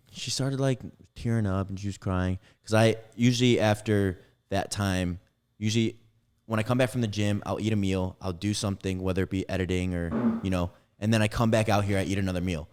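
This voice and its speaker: A man's voice: fairly low pitch, clean tone. A young man casually telling a rambling story on a podcast, acting out what each person said. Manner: rambling, animated retelling with acted-out quotes.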